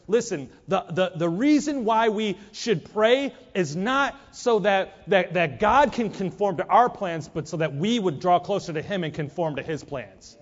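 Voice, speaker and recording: A man's voice: expressive, unhurried, hardly any pauses. Emphatic male preacher in echoing hall. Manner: emphatic, acts out whiny prayers in a mocking high voice. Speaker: pastor. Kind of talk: sermon. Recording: dull lo-fi sound with long hall reverb.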